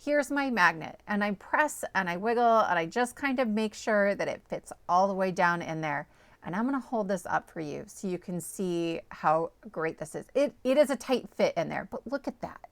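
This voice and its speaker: A woman host, an adult with small children, leads a step-by-step card-making tutorial in a chatty, upbeat way, checking in often with "okay?" and "right?". Her lowish voice is expressive and moderately paced, with no echo.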